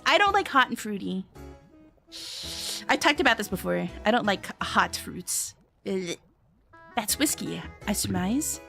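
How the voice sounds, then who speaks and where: A woman's voice: mid-range voice, very animated, a little slow, vocal fry, long pauses, a bit bright. A woman streamer chatting casually and playfully while playing a game, laughing often and reading game text aloud. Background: faint background music.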